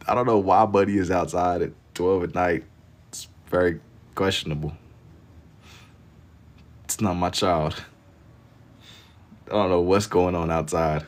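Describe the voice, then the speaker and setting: A deep-voiced man talks at a normal pace while drawing on his livestream. He reads viewer comments aloud in a relaxed, slangy way and laughs easily.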